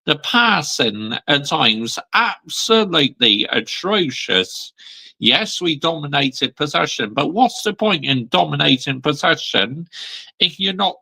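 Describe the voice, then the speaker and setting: Brief: male vlogger, bright gravelly voice, slow and lively, blunt emphatic rant. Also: a little high, poor audio. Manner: blunt, emphatic, repeats "yeah?" and "mate". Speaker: football channel host. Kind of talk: ranting fan vlog.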